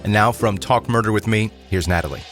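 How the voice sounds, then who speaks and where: A man's voice: on the low side, a little fast, loud music behind the voice. A man hosting a true crime podcast, introducing a guest host in a friendly, casual way.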